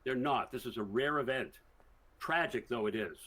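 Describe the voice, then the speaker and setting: A man, a criminology professor, answering interview questions in a measured, explanatory way and stressing the statistics. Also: medium pitch, a bit bright, slightly rough, poor audio. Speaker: criminology professor, guest expert. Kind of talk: remote TV news interview.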